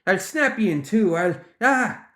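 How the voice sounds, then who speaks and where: A man's voice: sits high, animated, a little slow, pushed and bright, roomy sound, pitched above the performer's own voice, full character voice. A man voicing a tough, dazed brawler who hollers in exasperation. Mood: angry hollering.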